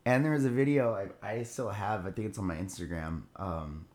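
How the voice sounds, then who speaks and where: A man's voice: on the low side, a little fast, a little mellow. A young man casually telling a rowdy party story, loose and profane, laughing as he goes.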